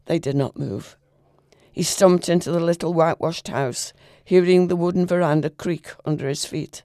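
Woman, story reader, measured, expressive, gravelly voice, dry sound. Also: fairly low pitch, dry recording. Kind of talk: literary story reading.

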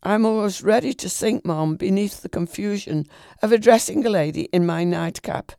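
A man voicing a flustered, stammering old gentleman. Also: sits high, normal speed, creaky, smooth, dry recording, studio quality. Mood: flustered, pleading. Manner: stammering, earnest and apologetic. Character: flustered, modest elderly gentleman in a nightcap.

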